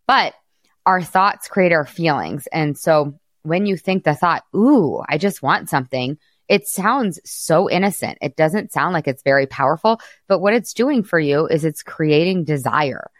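An upbeat woman coach in her thirties talks a client through her habits with easy laughs and patient explanations. Her voice sits low for a woman. The sound is dry and close, with no room around it. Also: expressive, a little slow, no echo. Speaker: weight-loss coach and podcast host. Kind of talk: coaching conversation.

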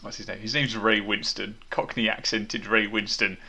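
A man's voice: fairly low pitch, little pitch movement, moderate pace, gravelly, bright, forceful tone. A man hosting a casual movie review podcast, wry and opinionated as he leads the talk. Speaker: podcast host.

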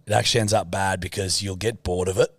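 A man's voice: low voice, fairly even intonation, fast talker, no room sound. A man co-hosting a podcast in casual chat, blunt and teasing, swearing freely, recorded close on a dry mic. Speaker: podcast co-host.

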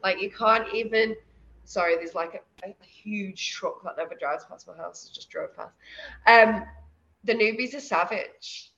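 A woman chatting casually as an interview guest, animated, laughing often and swearing freely. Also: medium pitch, normal speed, muffled recording. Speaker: evicted reality show contestant, guest.

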